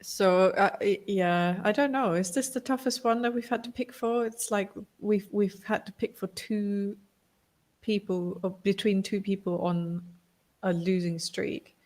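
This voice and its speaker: A woman co-hosts a casual fight-sports podcast in a teasing, playful way. She speaks at an unhurried, slow pace, with a mid-range voice. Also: medium pitch, steady tone, a little mellow. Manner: playful banter. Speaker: podcast co-host.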